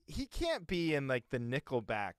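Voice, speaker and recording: A man's voice: medium pitch, huge pitch swings, moderate pace, clean tone, dry recording, clean studio sound. A man co-hosting a podcast in casual, rambling chat, full of fillers and asides. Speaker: podcast co-host.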